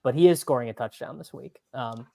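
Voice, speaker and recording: Animated rambling male football analyst. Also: mid-range voice, fairly quick, gravelly. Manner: animated, rambling, lots of fillers. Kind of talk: casual podcast chat.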